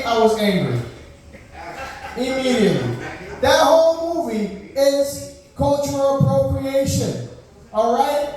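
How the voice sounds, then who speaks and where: A man from Puerto Rico performing a stand-up set at an open mic, loud and full of mock outrage. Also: extremely high pitch. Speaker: stand-up comedian. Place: open mic comedy room. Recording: very echoey room, mic far off.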